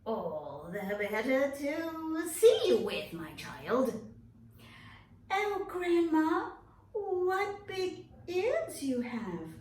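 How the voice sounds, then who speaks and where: A bright, singsong little girl in a red hood, as a woman acts her out for a children's storybook lesson. The voice climbs and dips in lively swoops, and the room rings with echo around a mic set some way off. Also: high-pitched, very slow, far from the mic, pitched above the performer's own voice, full character voice. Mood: cheerful.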